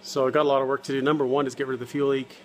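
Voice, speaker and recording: In a casual garage vlog, a car hobbyist talks rapid-fire while working on an old car, joking and poking fun at himself. He sounds out of breath, with a medium pitch and level tone. Slight background noise comes through from his home garage and driveway.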